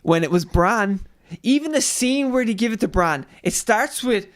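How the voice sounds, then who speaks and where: Brief: male podcast co-host, high voice, loose, jokey, profane banter. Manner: animated, swearing, quick to joke and mimic. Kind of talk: casual chat.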